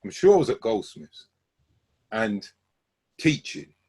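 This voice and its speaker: A man's voice: on the low side, big pitch swings, takes it slowly, darkish tone, breathy edge. A man hosting a conversational interview, telling long anecdotes and correcting himself as he goes. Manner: discursive, self-correcting anecdotes. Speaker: host.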